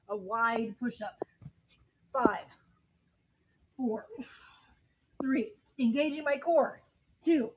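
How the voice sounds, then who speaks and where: A woman fitness coach and host, slightly out of breath, energetically demonstrating a workout outdoors by a pool and encouraging viewers while reading their comments. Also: fairly high pitch. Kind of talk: live workout demo and motivational talk. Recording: loud background noise with clicks.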